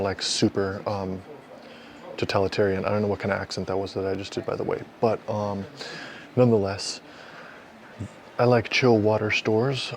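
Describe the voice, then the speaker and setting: A young man talking casually to camera for a fitness vlog, playful and self-mocking, partly from inside a car. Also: fairly low pitch. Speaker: fitness vlogger.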